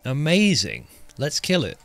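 A man's voice: fairly high pitch, wildly swooping pitch, a little slow, a bit bright, faint music behind. A man giving live commentary while playing a colony game, chatty and joking, talking to his in-game characters as he goes. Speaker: game streamer.

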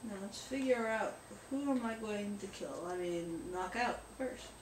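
Speaking a little slowly in a medium-pitched voice, a woman hosts a let's play. She rambles and pokes fun at herself in casual gameplay commentary, recorded with a distant mic, roomy echo and faint noise.

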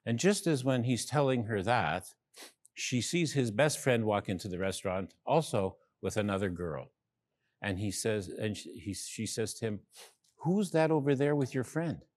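A man telling a joke in an animated way, voicing the characters. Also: on the low side, normal speed, dry recording. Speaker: joke teller.

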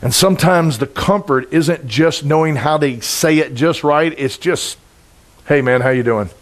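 A middle-aged man preaching a sermon in a conversational, intense way, with sudden loud bursts. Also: a little high, unhurried. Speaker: pastor.

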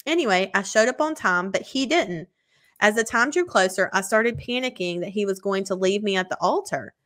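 Chatty, bright-voiced woman podcast host. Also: mid-range voice, expressive, normal speed. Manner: chatty and frank, swears freely. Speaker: podcast co-host reading listener emails. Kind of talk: casual podcast chat.

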